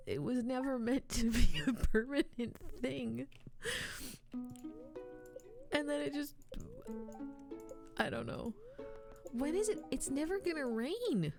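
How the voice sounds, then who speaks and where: A woman's voice: fairly high pitch, a little mellow. A woman streaming a game, chatting casually to her viewers and to the game, self-mocking and laughing often. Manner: talks to chat and to the game. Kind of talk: casual live-stream chat while playing.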